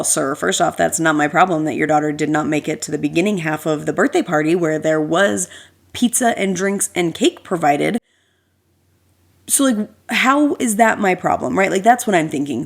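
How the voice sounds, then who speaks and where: A woman hosting a podcast, telling a story as a casual rant in an animated, sarcastic way with lots of fillers. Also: on the low side, gravelly. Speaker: podcast host.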